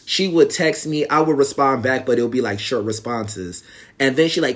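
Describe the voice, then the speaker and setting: A man's voice: mid-range voice, moderate pace. A man telling a personal story to his viewers in casual, rambling talk, full of "you know" fillers and growing heated. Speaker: vlogger.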